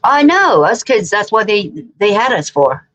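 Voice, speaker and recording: A woman's voice: mid-range voice, sing-song, unhurried, a bit bright, rough recording. A woman co-hosting a casual livestream, chatting playfully and telling anecdotes. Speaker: livestream co-host.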